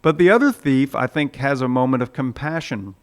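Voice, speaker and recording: A man's voice: mid-range voice, animated, fairly quick. A man preaching a sermon in a conversational way, with frequent "uh"s, now and then acting out the voices in his story. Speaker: pastor.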